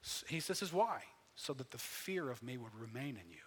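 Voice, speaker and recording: A man preaching a sermon, animated, swinging from quiet asides to loud emphatic bursts. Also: mid-range voice, brisk, husky, in a large hall. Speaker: pastor.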